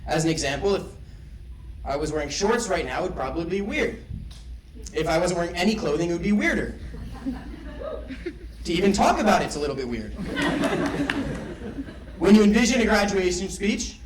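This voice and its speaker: A man's voice: high voice, expressive, fairly quick, long pauses, noisy background. A young man giving a graduation speech as valedictorian, wry and playful, then reflective. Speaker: valedictorian speaker. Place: large ceremony hall. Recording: roomy hall sound from a distant mic.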